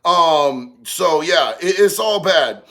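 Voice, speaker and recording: A man's voice: on the high side, lively intonation, slow, fairly bright tone. A man hosting a casual livestream, reading chat aloud and answering in slangy, streetwise talk. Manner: slangy, streetwise, says bro a lot.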